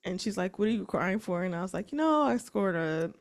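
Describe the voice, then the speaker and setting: A woman's voice: mid-range voice, lively intonation, brisk. A woman in her twenties co-hosting a podcast, telling a story in a wry, mock-offended way. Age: 20s. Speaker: podcast co-host. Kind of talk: casual chat.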